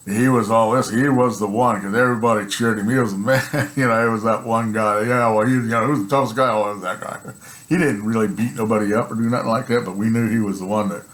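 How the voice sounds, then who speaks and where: A man casually telling a personal story in a rambling, animated way, swearing, often laughing, and checking in with "right?" and "you know". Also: medium pitch.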